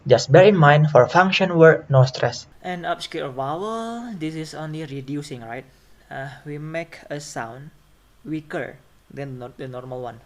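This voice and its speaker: A man's voice: fairly high pitch, unhurried. A man lecturing on phonetics, listing example words and often checking in with the class. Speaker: phonetics teacher.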